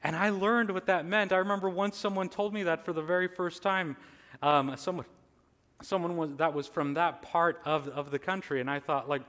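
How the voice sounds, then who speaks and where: A man's voice: high-pitched, steady tone, normal speed, fairly bright tone, big-room sound. A man preaching a sermon earnestly, his voice swelling on lists, with casual fillers and restarts. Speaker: pastor.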